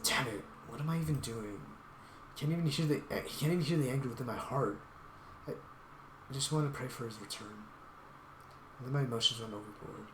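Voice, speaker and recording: A man's voice: medium pitch, a little fast, pauses often, noisy background. A man streaming a story game, reading its first-person narration aloud in an earnest, reflective way with small restarts. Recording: roomy echo with game music.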